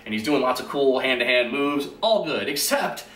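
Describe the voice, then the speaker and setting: A man's voice: mid-range voice, lively intonation, normal speed, fairly bright tone. A man giving a casual, rant-style movie review in an exasperated, profane and sarcastic way. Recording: roomy echo.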